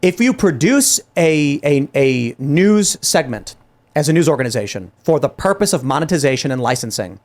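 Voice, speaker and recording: A man hosting a political talk show, speaking in an animated, exasperated way with many restarts and acted-out quotes. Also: fairly high pitch, normal speed. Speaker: podcast host. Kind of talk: heated political commentary.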